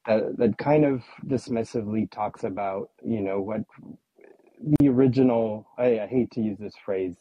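Male caller, husky and low, careful and halting delivery. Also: dry recording, highs cut off. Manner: hesitant, careful, many ums. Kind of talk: casual call-in chat.

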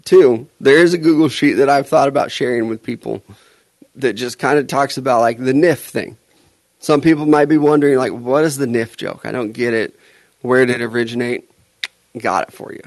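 Gravelly-voiced joking male co-host. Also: medium pitch, dry recording. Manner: joking, laughs often. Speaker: podcast co-host. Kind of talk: casual sports chat.

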